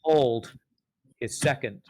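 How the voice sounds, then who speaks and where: Male player, mid-pitched voice, talks through his turns casually. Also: takes it slowly, a little mellow. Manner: thinks aloud, explains his moves. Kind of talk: casual tabletop game play.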